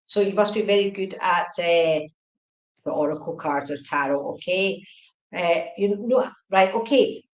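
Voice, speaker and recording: A woman giving fast, chatty psychic readings on a live stream, often checking in with okay and right. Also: fairly low pitch, roomy sound, poor audio. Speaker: medium.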